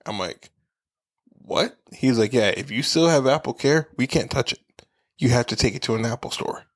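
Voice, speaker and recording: A man of middling pitch holds forth on a casual podcast, telling his story loosely and with plenty of swearing. He slips into quick impressions of the people he dealt with, his tone jumping up when he gets worked up. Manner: animated storytelling, acting out the people he quotes. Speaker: podcast co-host. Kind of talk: casual profane chat.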